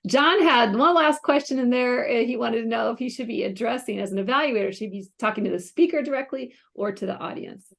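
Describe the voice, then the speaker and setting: Higher-voiced woman co-host. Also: a little fast, gravelly, a bit bright. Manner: helpful, relays audience questions. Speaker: meeting co-host reading questions. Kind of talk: online meeting moderation. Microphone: video call.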